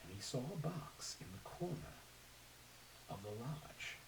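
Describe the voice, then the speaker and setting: Animated man reading a story aloud. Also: mid-range voice, unhurried. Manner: animated, asks the listeners questions. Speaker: storyteller reading a picture book to children. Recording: faint hiss, a little distant from mic.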